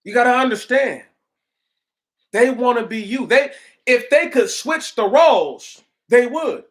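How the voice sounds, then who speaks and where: A man with a fairly high voice holds forth on a casual livestream. He talks emphatically, repeats himself, restarts his sentences and keeps asking rhetorical questions. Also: lively intonation, a little slow. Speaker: livestream host.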